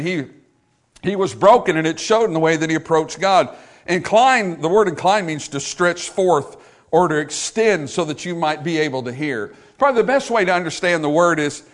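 A man preaches a sermon, repeating phrases for emphasis and calling out to the congregation. He swells to fervor, then drops soft and low.

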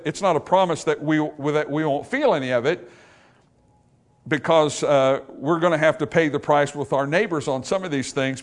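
A male pastor with a fairly high voice preaches a sermon, shifting from steady Bible teaching into loud, emphatic repetition and questions aimed at the congregation.

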